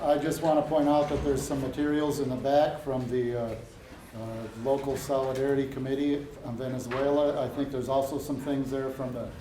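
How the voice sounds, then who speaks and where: A man's voice: medium pitch, moderate pace, hardly any pauses. Man moderating in an echoey lecture room. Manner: relaxed, with uh fillers. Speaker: event moderator. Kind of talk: announcements and moderating. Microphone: no microphone, room recording. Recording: echoey room with faint noise.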